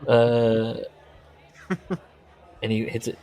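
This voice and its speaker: A man's voice: medium pitch, monotone, very slow, warm tone, clear, resonant tone, a faint crowd. A man co-hosting a casual podcast chat, reading book passages aloud and joking about them. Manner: reads book passages aloud with jokey asides. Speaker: podcast co-host.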